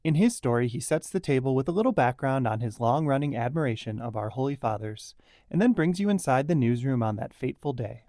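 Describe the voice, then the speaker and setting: Male podcast host, mid-pitched, measured scripted read, dry close mic. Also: expressive, warm tone, no room sound. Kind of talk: scripted narration.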